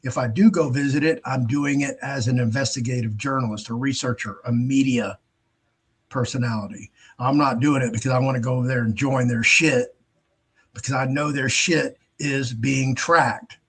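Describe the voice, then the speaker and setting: A male host rants in a blunt, profane, exasperated way, tripping over restarts as he goes. His voice is husky and sits at an ordinary male pitch. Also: steady tone, normal speed. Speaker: show host. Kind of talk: ranting monologue.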